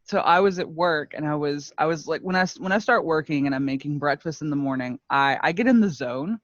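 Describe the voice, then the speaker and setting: A woman's voice: deep voice, brisk, dry recording. A woman co-hosting a podcast, telling a story in a casual, self-mocking way and laughing often. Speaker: podcast co-host. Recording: muffled lo-fi dry mic.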